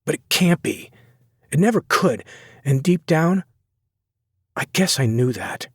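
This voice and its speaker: A man's voice: mid-range voice, lively intonation, normal speed, darkish tone, husky, no room sound, clean studio sound, voice pushed up. A man voicing Sloane, a hurt young woman. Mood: bitter. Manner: impassioned, pleading, near tears. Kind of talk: audiobook character voice.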